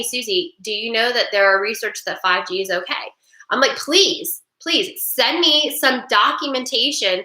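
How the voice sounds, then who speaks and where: A middle-aged woman hosting a webinar, talking in an animated, rambling, emphatic way. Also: on the high side. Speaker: webinar host. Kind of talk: casual monologue. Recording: echoey room.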